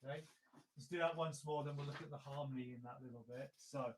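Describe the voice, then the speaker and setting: A man leading an online choir rehearsal, patiently breaking the lines into syllables and speaking each phrase slowly as an example. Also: medium pitch, fairly even intonation, slight background noise, rough recording. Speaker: choir leader. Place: home, remote rehearsal. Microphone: video call.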